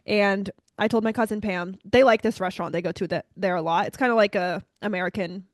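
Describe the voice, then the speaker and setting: A young woman co-hosting a podcast, chatting casually and brightly, often addressing listeners as "you guys.". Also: mid-range voice, fairly even intonation, a little fast, dry recording, studio quality. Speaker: podcast co-host. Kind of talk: casual chat.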